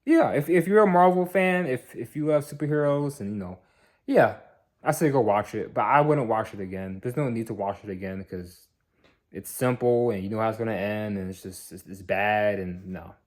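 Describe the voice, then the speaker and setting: A man's voice: on the low side, normal speed, darkish tone. A tired young man giving a casual, rambling movie review, often repeating and restarting his words.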